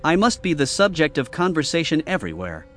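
A man's voice: fairly high pitch, brisk, faint music behind, pitched above the performer's own voice. A man voicing Q, a smug, mischievous, godlike male trickster entity who mocks everyone theatrically. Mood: mocking. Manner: theatrical, mocking, lively.

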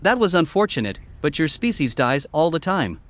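Smug male trickster entity, voiced by a male narrator, theatrical, mocking, higher voice, swooping lively pitch. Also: normal speed.

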